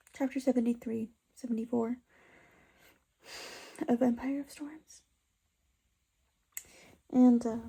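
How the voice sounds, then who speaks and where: Emotional young woman with gravelly voice. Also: a little high, dark tone. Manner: emotional, exclamatory, gushing. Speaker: book vlogger. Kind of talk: casual reading vlog reactions. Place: breakroom at work.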